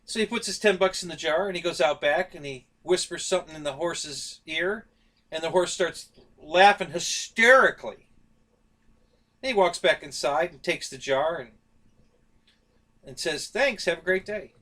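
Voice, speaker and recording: A man's voice: a little high, moderate pace, fairly bright tone. A man hosting a casual live stream, telling jokes in a loose, rambling way and chuckling at his own punchlines. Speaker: show host.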